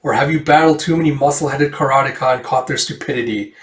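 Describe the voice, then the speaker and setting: A man's voice: medium pitch, quick pace, natural voice. A man voicing a haughty cyborg martial artist woman in a mocking, condescending way, in a comic read-through. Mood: scornful. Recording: roomy echo, distant mic.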